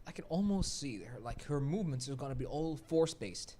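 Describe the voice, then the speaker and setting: A man hosting a casual group podcast chat, animated and playful, often restarting and repeating his words. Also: medium pitch, brisk. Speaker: podcast host.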